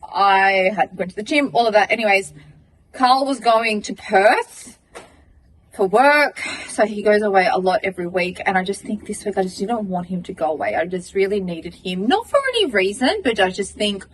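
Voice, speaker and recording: Animated Australian woman telling a story. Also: mid-range voice, normal speed, recorded from a distance, poor audio. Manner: animated, swearing, acts out dialogue. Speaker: podcast co-host. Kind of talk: casual storytelling chat.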